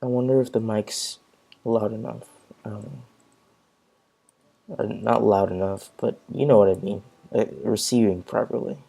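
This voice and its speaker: Man, let's-play commentator, gravelly low voice, reads game lines casually. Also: steady tone, normal speed, long pauses, warm tone. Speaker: gameplay commentator.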